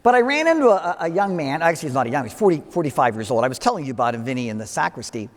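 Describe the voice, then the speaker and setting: An older priest gives a wedding homily, his voice fairly high and rising and falling with lively expression. He tells a story full of asides and gentle humor, and his words ring on in a long church reverb. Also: racing.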